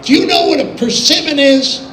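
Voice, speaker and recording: A man's voice: extremely high pitch, moderate pace, bright, forceful tone, far from the mic, pitched above the performer's own voice. A man putting on the voice of a teasing older country star, drawling and mischievous, in a roomy space with background noise.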